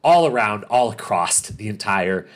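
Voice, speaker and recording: A man's voice: lowish voice, unhurried. Emphatic man recapping a reality show. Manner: animated, emphatic, repeats points for stress. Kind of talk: casual recap commentary.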